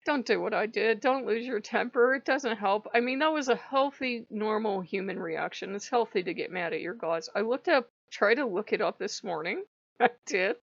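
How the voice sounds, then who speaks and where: A woman's voice: mid-range voice, lively intonation, normal speed, vocal fry, dry recording, dull audio. A woman hosting a casual storytelling vlog, chatty, laughing often and acting out bits of dialogue. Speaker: channel host.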